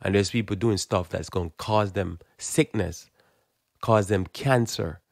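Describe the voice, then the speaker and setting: A man's voice: fairly low pitch, unhurried, vocal fry, dry recording, clean studio sound. A man giving a blunt, emphatic, informal sermon, often repeating words as he builds his point. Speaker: Christian preacher. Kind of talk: informal preaching monologue.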